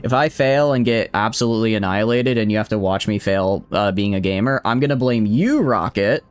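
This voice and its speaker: A man's voice: lowish voice, a little fast, clear, resonant tone, faint music behind. Playful Southern man chatting on stream. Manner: playful, teasing, talks to chat while playing. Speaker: game streamer. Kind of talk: casual live-stream chat.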